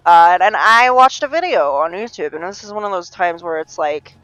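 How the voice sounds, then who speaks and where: A man's voice: high-pitched, expressive, a little fast, pushed and bright, smooth, no room sound. A man streaming a game live, rambling and talking to himself as he plays. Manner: rambling, self-talking, full of restarts. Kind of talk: rambling live gameplay chat.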